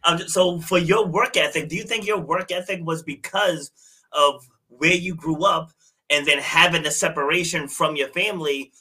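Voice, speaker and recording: A man's voice: on the high side, moderate pace, bright, forceful tone, slightly rough, poor audio. A man hosting an interview show, eagerly breaking in with long questions. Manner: eager, talks over the guest with questions. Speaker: podcast host. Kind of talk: conversational interviewing.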